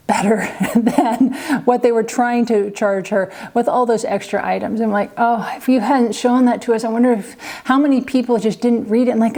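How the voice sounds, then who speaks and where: A woman's voice: a little high, mellow. A middle-aged woman from Kansas telling a family story in a chatty vlog, acting out the quoted voices with little laughs. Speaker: vlogger, mother.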